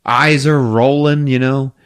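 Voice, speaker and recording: A man's voice: mid-range voice, fairly even intonation, a little slow, clean tone. A man hosting a podcast, recapping a movie in casual chat, laughing often and acting out characters' lines. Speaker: podcast host.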